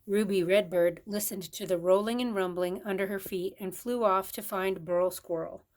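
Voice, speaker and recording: An older woman, a grandmother, reading a children's picture book aloud with expressive storytelling. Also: mid-range voice, moderate pace. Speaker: storybook reader.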